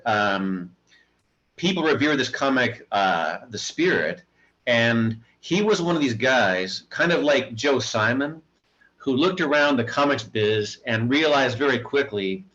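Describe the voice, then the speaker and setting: A man in casual podcast talk who gives blunt opinions and keeps breaking off with ums and restarts. His voice sits at a middling pitch for a man. The audio is muffled and lo-fi. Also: expressive, measured pace, sharp tone. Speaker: podcast co-host. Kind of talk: casual conversation about comics. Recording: dull lo-fi audio.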